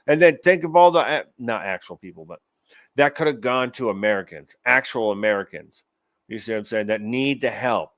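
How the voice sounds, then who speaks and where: A man's voice: medium pitch, fairly bright tone, no room sound. A man hosting his own show, giving rambling, profane commentary in a casual ranting manner. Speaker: show host.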